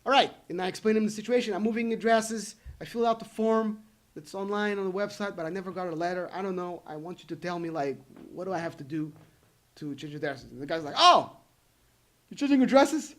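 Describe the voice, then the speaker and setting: A man's voice: sits high, quick pace. A man telling a rant story to his viewers, acting out the people he quotes. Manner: animated, acts out the people he quotes. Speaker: vlogger.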